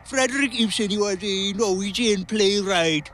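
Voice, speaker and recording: A man's voice: sits high, normal speed, a bit bright, slight background noise, rough recording. A man impersonating an elderly archbishop in his late seventies, cheeky and stubborn as he bickers with an old friend.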